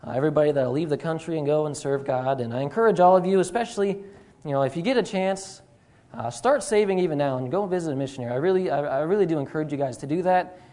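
A man's voice: fairly high pitch, fast talker, mellow. A young man preaching in a church as a guest speaker, chatty and self-deprecating, with plenty of fillers. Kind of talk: sermon. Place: church sanctuary.

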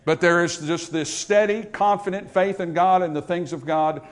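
A pastor giving a funeral sermon, telling a story and explaining scripture in a conversational way. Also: male voice, high-pitched, fairly even intonation, moderate pace.

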